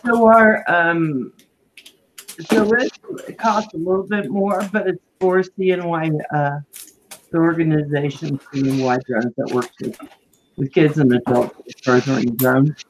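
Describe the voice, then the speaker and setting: A woman's voice: sits low, steady tone, measured pace, slight background noise, rough recording. A woman co-hosting a video call-in chat show, talking casually and laughing often.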